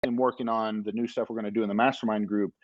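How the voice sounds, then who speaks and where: A man's voice: on the low side, steady tone, fast, dry recording, dull audio. A man guest on a podcast, telling a long, rambling story with many "uh" fillers in a casual interview. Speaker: podcast guest, business owner.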